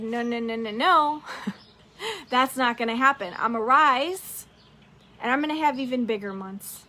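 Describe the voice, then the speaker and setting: A woman's voice: a little high, a bit bright, slight background noise. A woman business coach giving a casual, upbeat motivational talk, swearing freely and talking straight to her listeners.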